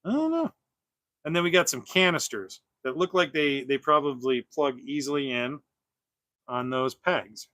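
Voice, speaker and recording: A man's voice: medium pitch, steady tone, normal speed, pushed and bright, dry recording. A man hosting a casual toy-collecting livestream who rambles with lots of fillers and restarts. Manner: rambling, many fillers and restarts, laughs often. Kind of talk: casual livestream chat while unboxing.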